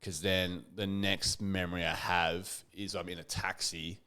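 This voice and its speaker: Low-voiced man. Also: flat delivery, a little slow, sharp tone. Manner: rambling storyteller, many "like" fillers. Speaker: podcast guest. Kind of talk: casual chat, telling a story.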